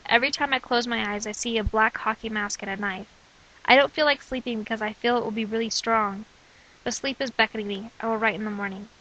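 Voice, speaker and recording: A woman in her twenties reading her old diary letters aloud in short, steady clipped phrases. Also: on the high side, highs cut off. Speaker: vlogger.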